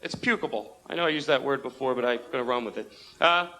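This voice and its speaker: A young man doing a stand-up comedy routine on a club stage into a handheld mic, talking fast and animated and slipping into quick character voices. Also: mid-range voice. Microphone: handheld stage microphone. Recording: old videotape with audible room noise. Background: audience laughter.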